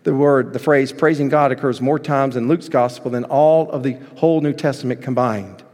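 A man preaching a sermon, telling the story with lively asides and acting out the people in it. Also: mid-range voice, normal speed, big-room sound. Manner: animated storytelling, acting out voices. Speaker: pastor.

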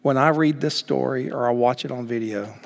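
A man preaching a sermon emphatically, swinging between loud exclamations and hushed words. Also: medium pitch, brisk, gravelly. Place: church sanctuary. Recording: long reverb of a church hall.

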